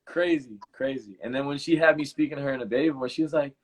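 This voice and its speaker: A man's voice: mid-range voice, fast talker. A young man hosting a casual live Q&A, telling stories in a laid-back way with plenty of filler words. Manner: laid-back storytelling, many "like" fillers, repeats himself. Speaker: channel host.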